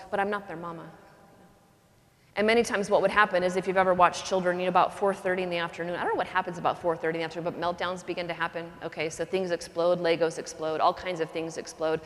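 A woman, a religious sister, giving a talk and telling a personal story, earnest and animated, with her voice dropping soft in tender moments. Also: lowish voice. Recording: long reverb from a hall.

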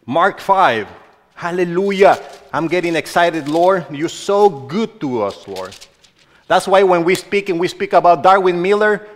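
A man preaching a sermon as a pastor, who moves between hushed storytelling and loud, emphatic exhortation. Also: sits high, lively intonation, a little slow. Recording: long reverb of a large hall.

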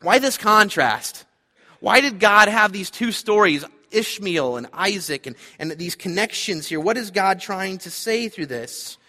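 A man's voice: sits high, expressive, a little slow, sharp tone, big-room sound. A man preaching a sermon, earnest and emphatic, repeating his key points. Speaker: pastor.

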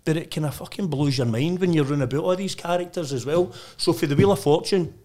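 A man's voice: fairly high pitch, fast talker, dark tone. A middle-aged man with a Scottish accent, a podcast guest swearing and chuckling his way through stories in casual chat.

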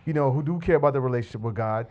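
Fast-talking man arguing his point. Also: medium pitch, darkish tone, lo-fi sound. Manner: quick, argumentative. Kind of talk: casual debate.

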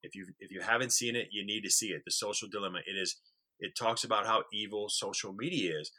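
Podcast co-host, male, lowish voice with a sharp, tense edge, earnest and halting. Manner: earnest, repeats words when starting sentences. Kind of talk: casual conversational storytelling.

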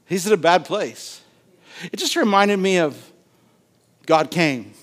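A man with a fairly high voice preaches in a drawl. He is lively and conversational, and he jumps into character voices to act out the Bible stories he tells. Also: takes it slowly. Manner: animated, acts out Bible scenes with voices and laughter. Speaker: pastor. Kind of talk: sermon.

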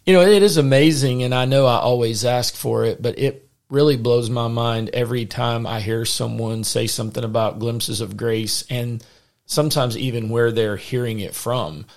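A man with a Southern accent hosting a casual faith podcast, upbeat and friendly and quick to laugh. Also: mid-range voice, fairly even intonation, vocal fry. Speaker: podcast host.

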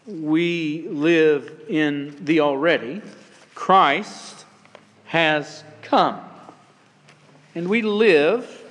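A man reading scripture aloud in a church service, measured and solemn, with dramatic pauses. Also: on the high side, fairly bright tone. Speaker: pastor. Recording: long reverb of a large hall.

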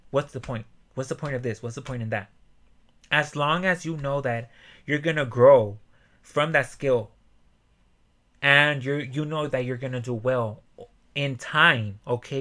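Young guy doing a solo self-help podcast, cussing nonstop, bright punchy voice, mid pitch. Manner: profane, animated, bursts into yelling. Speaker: podcast host. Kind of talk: motivational podcast monologue.

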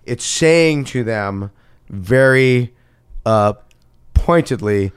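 A man's voice: medium pitch, lively intonation, moderate pace, no room sound, studio quality. A man in his fifties, an actor guest on a casual chat podcast, telling stories animatedly and laughing often.

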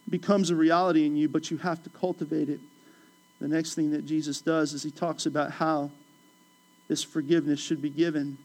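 A man preaching a sermon, talking in a conversational way, repeating phrases for emphasis and acting out voices of biblical figures. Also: a little high. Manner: animated, acts out playful voices of biblical figures. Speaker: pastor.

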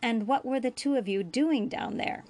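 A woman voicing a stern, calm middle-aged male captain in a storybook reading. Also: mid-range voice, moderate pace, lightly acted.

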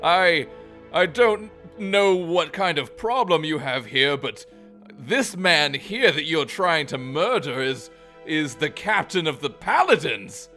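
A man voicing a sly, smooth-talking male fugitive in a tabletop game, overly polite and feigning innocence. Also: a little high, animated, takes it slowly, bright, forceful tone, faint music behind, heavily acted.

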